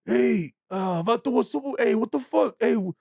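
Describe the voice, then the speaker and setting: A man's voice: extremely high pitch, moderate pace, creaky, darkish tone, no echo, clean studio sound, pitched above the performer's own voice, exaggerated voice. A man putting on the voice of an angry grown man on a phone call, speaking in clipped, indignant bursts.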